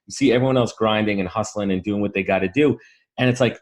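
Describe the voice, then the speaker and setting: Brash New man, low voice, rapid street-wise guest patter. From New York. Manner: brash, swearing, storytelling. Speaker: podcast guest, career podcaster. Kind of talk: casual interview chat.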